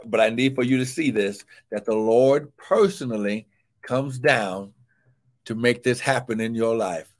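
A man preaching a live sermon, fervently calling out praise and shouting scripture, then dropping to a low murmur between shouts.

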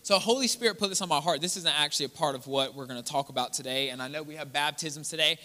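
Pastor, male, bright forceful sermon voice, reverberant sanctuary. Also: on the high side, fast. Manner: earnest, building to emphatic preaching. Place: church sanctuary. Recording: church hall with long reverb.

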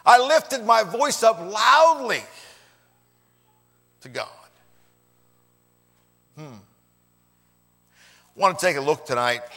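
A man preaching a sermon as pastor, swelling loud for emphasis and then dropping low. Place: church. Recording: echoey church hall.

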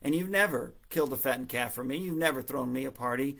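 A man voicing a resentful, hardworking elder brother who indignantly complains, with a gravelly voice. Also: medium pitch, fast talker, a bit bright. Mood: aggrieved. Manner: indignant, sulking.

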